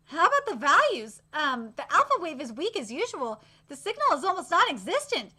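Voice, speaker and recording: A woman voicing a calm male researcher in a manga read-aloud, measured and quieter than her own talk. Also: very high-pitched, voice pushed down, heavily acted. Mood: analytical.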